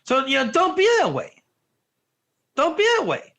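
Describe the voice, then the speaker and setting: A man's voice: very high-pitched, huge pitch swings, moderate pace, vocal fry, bright, forceful tone. A man teaching an interactive online Torah class, emphatic and firing rhetorical questions at his viewers.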